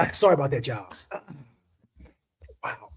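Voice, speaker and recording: A man's voice: medium pitch, lively intonation, takes it slowly, husky. A man hosting a casual crypto livestream, talking to viewers in slangy, emphatic chat and repeating words for stress. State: emotional, choked up.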